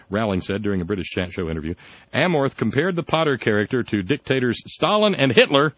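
A man's voice: lively intonation, quick pace, slight background noise. Sarcastic male talk radio host. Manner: sarcastic, jumps into high mocking tones. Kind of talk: satirical talk radio monologue. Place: radio studio. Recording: dull dry radio broadcast.

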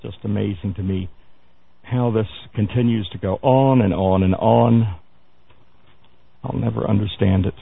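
Hosting a talk radio news segment, a man speaks in a fairly low, rough, gravelly voice with a steady tone, unhurried and pausing often. Fillers and restarts trip him up, he tosses in wry asides, and the sound is thin and boxy like a phone-line broadcast.

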